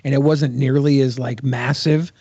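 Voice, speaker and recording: A man's voice: medium pitch, steady tone, normal speed, dark tone, slightly rough, no echo, muffled recording. A man co-hosting a podcast, talking bluntly with swearing and frequent restarts. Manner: blunt, profane, hesitant restarts. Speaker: podcast co-host. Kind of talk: casual commentary chat.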